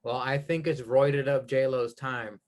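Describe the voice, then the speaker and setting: A man's voice: medium pitch, steady tone, a little slow, darkish tone. A man co-hosting a casual podcast chat, wisecracking and tossing in questions. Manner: wisecracking, tosses in questions and jokes. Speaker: podcast co-host.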